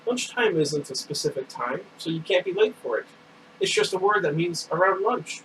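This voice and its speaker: A man reading a book aloud, voicing a bright, determined teenage girl inventor in a raised, earnest voice. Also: high-pitched, expressive, normal speed, pitched above the performer's own voice. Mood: indignant. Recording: distant mic with air conditioner hum.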